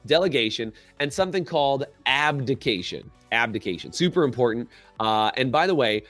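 This is a mid-range male voice with no echo, belonging to a business coaching podcast co-host. He speaks animatedly, performs little quoted exchanges, and invites listeners to comment in the chat.

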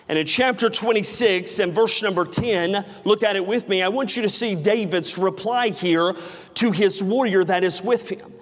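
Middle-aged male pastor, high voice, animated comic storyteller, sermon in a big echoing church. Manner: animated storyteller, acts out dialogue, self-mocking humor. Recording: reverberant hall.

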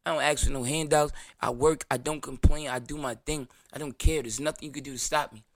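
Man, new york accent, brash profane rant, defiant, slightly high voice, dry close sound. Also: steady tone, brisk, no room sound. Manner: mocking whiny voices of critics. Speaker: show host. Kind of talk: ranting monologue.

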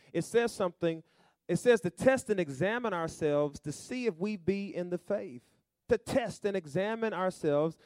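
A male pastor preaching a sermon, calling to the congregation and rising to loud emphatic bursts. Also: sits high, no echo, clean studio sound.

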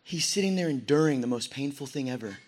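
A young man preaching a sermon, telling the story dramatically and acting out quoted voices, dropping to a hush and rising to a shout. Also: medium pitch, expressive, fast. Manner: dramatic storytelling, swinging between hushed and shouted lines; acts out crowd voices in quoted asides.

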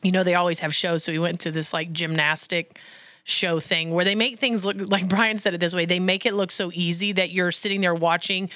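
Chatty, bright-voiced woman podcast host. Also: lowish voice, steady tone, a little fast, no echo, studio quality. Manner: chatty, laughs often, rambling asides. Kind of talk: casual faith podcast chat.

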